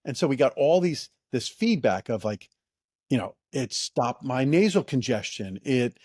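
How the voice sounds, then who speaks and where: A middle-aged man, a company founder and podcast guest, telling stories in an enthusiastic, excitable way with many restarts and fillers. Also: medium pitch, a little slow, slightly rough, no room sound, studio quality. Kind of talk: casual interview storytelling.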